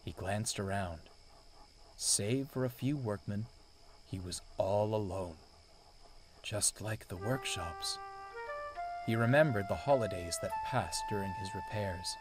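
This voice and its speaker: A man narrating a storybook tale in a measured way. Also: fairly low pitch. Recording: narration over loud music.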